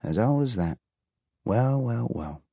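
A man voicing a mild, courteous young married man in an audiobook, speaking in a measured way. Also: medium pitch, expressive, gravelly, mellow, breathy edge, dry recording, full character voice. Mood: polite. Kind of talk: audiobook character voice.

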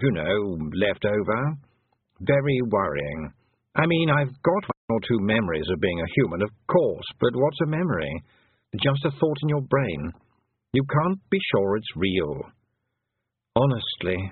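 A nervous talking toad that frets in rambling asides, as a man reads him. The voice is husky and swings lively in pitch. It sounds dry and tinny, like a phone call. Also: no room sound. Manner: rambling, anxious musing.

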